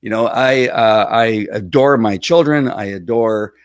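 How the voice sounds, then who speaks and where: A middle-aged man chats on a casual livestream in a lowish voice, circling his points with frequent fillers and restarts. He sounds earnest and open. The sound is dry and close. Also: dry recording. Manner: rambling, halting, with many fillers and restarts; earnest and emotional. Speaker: livestream host.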